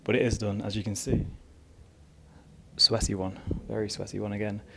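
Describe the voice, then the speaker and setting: This young man's voice is fairly low, gravelly and flat, delivered at normal speed against a noisy background. He's a fitness vlogger talking casually to camera outdoors in a garden, chatty and meandering, full of "you know" asides.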